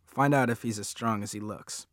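A man voicing a loud, crude middle-aged woman who taunts and pries. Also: fairly low pitch, moderate pace, no room sound, studio quality, lightly acted. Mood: mocking. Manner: taunting, coarse, nosy.

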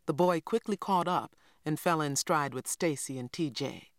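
A narrator reads an audiobook in a steady, even way, with a voice that sits in a middle pitch range. The mic is close and the recording is dry, with no room sound around the voice. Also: moderate pace, dry recording.

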